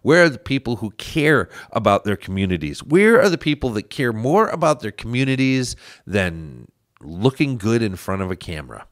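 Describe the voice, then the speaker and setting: A man's voice: mid-range voice, sing-song, normal speed, no echo, studio quality. A man hosting a political podcast, speaking earnestly as he urges listeners to get involved. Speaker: podcast host. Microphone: studio microphone.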